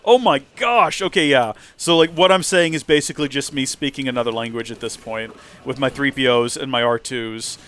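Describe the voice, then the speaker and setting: A man's voice: mid-range voice, brisk, few pauses, fairly bright tone. A man casually commentating a game livestream, rambling animatedly and acting out quotes. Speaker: let's play streamer.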